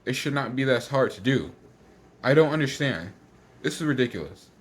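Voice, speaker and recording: A teenage boy vents in a casual vlog, words tumbling out in a rush and circling back on themselves. He sounds a little out of breath and thoroughly exasperated, with a voice sitting at an ordinary pitch for his age. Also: expressive, husky. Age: teens. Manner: rushes words out, exasperated and repetitive. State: slightly out of breath. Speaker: vlogger.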